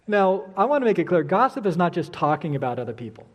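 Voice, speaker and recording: A middle-aged man preaching with a slightly high voice that carries a long hall reverb. He talks in an animated way and slips into the voices of the people he describes. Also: fast talker. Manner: animated, acts out quoted voices. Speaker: pastor. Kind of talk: sermon.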